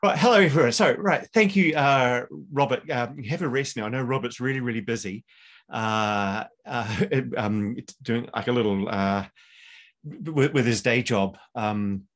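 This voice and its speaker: Man, conference host, casual halting intro, mid-pitched voice. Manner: halting, full of fillers and restarts.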